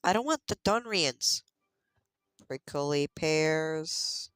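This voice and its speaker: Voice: medium pitch, expressive, very slow, fairly bright tone, smooth, dry recording, studio quality. A streamer chatting casually over gameplay, muttering item names in sing-song repeats and talking to themself.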